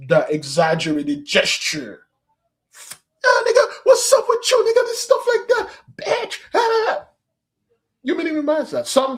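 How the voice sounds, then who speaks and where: A man giving a spiritual teaching, speaking emphatically, calling his listeners "beloved" and slipping into street slang. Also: on the high side. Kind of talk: preaching address on a fasting day.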